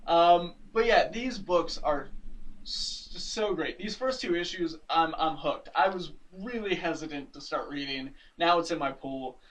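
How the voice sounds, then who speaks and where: Animated man recapping a comic. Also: on the high side, unhurried, distant mic, poor audio. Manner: animated, laughs often, acts out characters' lines. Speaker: podcast co-host. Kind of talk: casual chat, recapping a comic.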